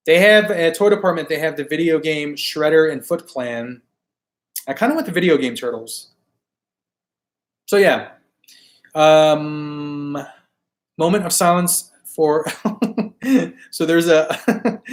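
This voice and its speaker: A hoarse man who is losing his voice, hosting a toy collecting live stream in a laid-back, slangy way as he answers viewer comments. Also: on the high side. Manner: laid-back, chatty, slangy, often laughing.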